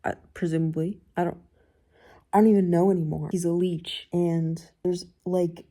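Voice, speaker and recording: Low mellow-voiced woman vlogger. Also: moderate pace, no room sound, studio quality. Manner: excitable, swearing, rambling. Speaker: book vlogger. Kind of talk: casual reaction vlog. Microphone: camera.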